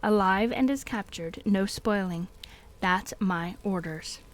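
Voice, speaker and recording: A woman voicing a big brutal male orc captain, speaking in a slow, deep growl. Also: close to an everyday voice. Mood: domineering. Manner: blunt, slow and domineering.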